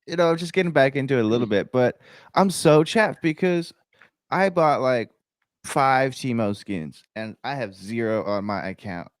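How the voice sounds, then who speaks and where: A man co-hosting a podcast in casual chat, animated and jokey, grumbling about his games. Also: medium pitch, moderate pace, dry recording. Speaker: podcast co-host and gaming creator.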